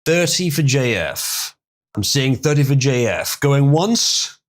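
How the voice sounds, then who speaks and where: Chatty male streamer with lively pitch. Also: slow pace. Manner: stumbling over hard words, chatty with the audience. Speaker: live streamer. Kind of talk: casual live-stream chat and reading aloud.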